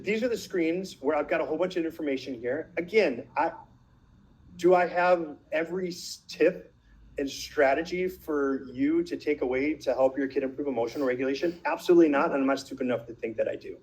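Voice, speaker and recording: Animated man presenting a parenting webinar. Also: mid-range voice, rough recording. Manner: animated storytelling with acted quotes and many restarts.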